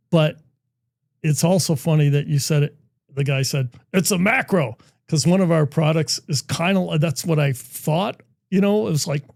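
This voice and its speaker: A middle-aged male guest on a podcast with a fairly high, gravelly voice. He talks eagerly in casual chat, leaning on fillers. The recording is close and dry. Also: darkish tone, no room sound. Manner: enthusiastic, talks with frequent fillers.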